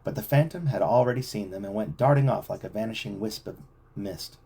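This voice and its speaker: Gravelly-voiced man reading a story aloud. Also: lowish voice, brisk, warm tone. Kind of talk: reading a novel aloud to a child.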